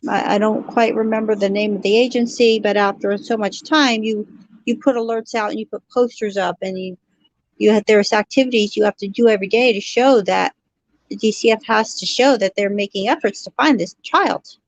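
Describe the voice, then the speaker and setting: A woman's voice: mid-range voice, fairly even intonation, no echo. Earnest woman guest, dry dull sound. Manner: earnest, questioning, halting. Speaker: guest, parent. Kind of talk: casual chat.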